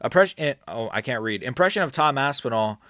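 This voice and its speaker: A man's voice: medium pitch, animated, fast, bright, forceful tone, no echo, studio quality. A man rambling crudely through a casual livestream chat about fights. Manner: rambling, crude joking, trails off. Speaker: MMA streamer.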